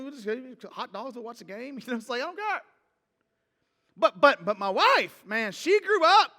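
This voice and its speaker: A man preaching a sermon, telling stories in a conversational, animated way and drawing the congregation in. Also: very high voice. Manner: conversational, animated storytelling with a call-and-response feel. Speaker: pastor. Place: church sanctuary. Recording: reverberant church hall.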